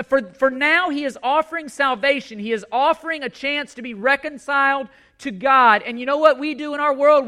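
A man's voice: very high-pitched, sharp tone. A male pastor preaching a sermon, impassioned and emphatic, repeating his key points.

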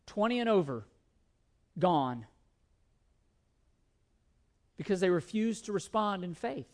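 Male pastor with a high voice, emphatic sermon delivery, repeats himself. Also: big pitch swings. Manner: emphatic, repeats words, shifts between slow reading and quick asides.

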